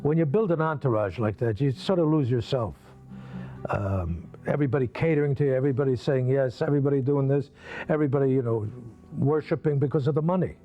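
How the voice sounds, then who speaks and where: A man's voice: medium pitch, quick pace, mellow, faint music behind. Reflective man, slightly muffled. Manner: thoughtful, listing points. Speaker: interviewee. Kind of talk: reflective commentary.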